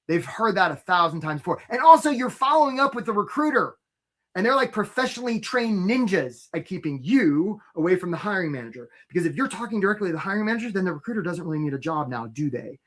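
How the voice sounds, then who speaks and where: A man's voice: sits high, animated, fast talker, a bit bright. A man coaching job seekers in a live webinar, upbeat and chatty, who keeps asking "right?" and greets viewers by name. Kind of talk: energetic live webinar pitch.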